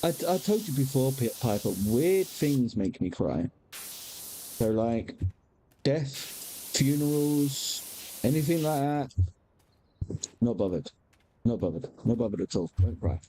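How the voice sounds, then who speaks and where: A man's voice: medium pitch, big pitch swings, slow, long pauses, warm tone, slight background noise. A man, chatting candidly as a game streamer, rambling with frequent restarts and casual swearing. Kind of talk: casual chat while gaming.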